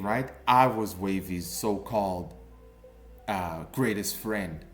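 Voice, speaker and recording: A man in his thirties delivers a ranting commentary in a mocking, confrontational way, leaning on slang. He talks at a slow, deliberate pace, with faint music playing behind him. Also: sits low. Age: 30s. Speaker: online commentator.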